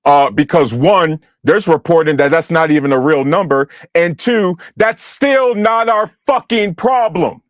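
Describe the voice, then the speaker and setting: Brief: young male streamer, high voice, angry profane rant, dry close mic. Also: a little slow, hardly any pauses, no room sound. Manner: angry, profane, shouting at chat. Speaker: streamer reacting to chat. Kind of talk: heated political livestream rant.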